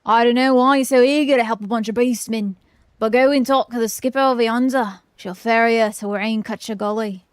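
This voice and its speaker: A woman voicing a gruff, dismissive male dockhand in a loud, brusque delivery, with faint music behind. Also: on the high side, fairly even intonation, brisk, no room sound, clean studio sound, close to an everyday voice.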